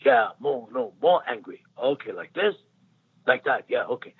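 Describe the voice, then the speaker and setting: A man impersonating an excitable film director with a Chinese accent, giving choppy, repetitive acting commands. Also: mid-range voice, moderate pace, vocal fry, breathy edge, heavily acted. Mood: coaxing. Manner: choppy, insistent, repeats commands. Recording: tinny phone line.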